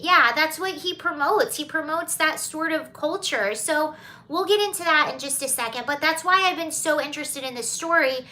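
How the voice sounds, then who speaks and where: A woman's voice: high-pitched, bright, forceful tone. A young woman from Georgia with a Southern accent, hosting a casual livestream, chatting and reading viewer comments in a digressive, laughing way. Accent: Southern American. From Georgia, USA. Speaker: livestream host.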